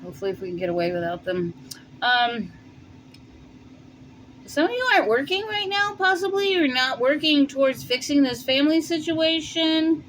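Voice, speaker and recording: A woman's voice: sits high, lively intonation, normal speed, a bit bright, a little hiss or hum, poor audio. A woman with a New York accent giving a casual tarot reading, thinking aloud with plenty of fillers. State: warm and winded after shoveling. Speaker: tarot reader. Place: home in Colorado.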